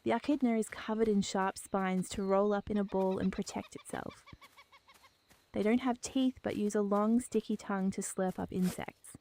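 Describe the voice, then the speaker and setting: A woman reading a scripted animal lesson for toddlers in a slow, cheerful sing-song voice, repeating words for little children to copy. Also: mid-range voice, fairly even intonation, dark tone. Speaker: children's video narrator.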